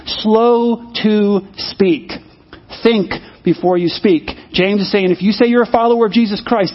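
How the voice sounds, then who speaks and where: Male pastor, high husky voice, lively storytelling sermon, muffled lo-fi recording. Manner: animated storytelling, acts out quoted voices. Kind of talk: sermon with personal stories.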